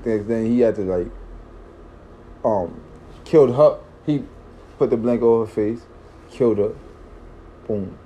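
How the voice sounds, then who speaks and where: A man's voice: mid-range voice, dark tone, a little hiss or hum. Male storyteller, casual slangy delivery, rambling, mid-range voice, keeps checking in with listeners.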